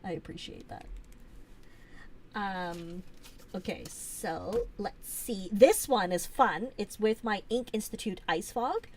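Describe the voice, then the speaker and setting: A woman hosts a casual live-stream show-and-tell, talking at an unhurried, slow pace. She gushes and chats, with plenty of fillers, and there is a faint hiss underneath. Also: medium pitch, expressive, a little mellow. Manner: gushing, chatty, with many fillers.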